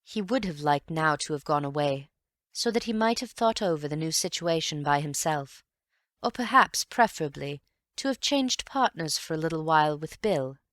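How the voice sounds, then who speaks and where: Woman narrating a novel, low voice, lively inflection, dry close sound. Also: dry recording. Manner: measured, expressive storytelling. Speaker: audiobook reader. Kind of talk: audiobook narration.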